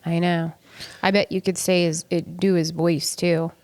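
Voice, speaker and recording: A female podcast co-host who speaks softly and meanders through her thoughts with frequent pauses. Her voice sits a little lower than most women's. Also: little pitch movement, dry recording. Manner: soft-spoken, meandering, hesitant. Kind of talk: casual banter.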